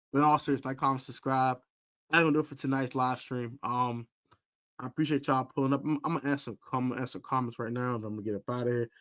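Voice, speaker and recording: A man's voice: medium pitch, fast. A man hosting a live stream football preview, talking emphatically, repeating himself for stress and using fillers. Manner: emphatic, animated sports talk with fillers and repeats. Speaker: sports podcast host.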